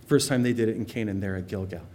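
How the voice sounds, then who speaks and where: A pastor teaching verse by verse through a Bible passage in a relaxed, conversational way, explaining word meanings and quoting scripture with feeling. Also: male voice, lowish voice, fast talker.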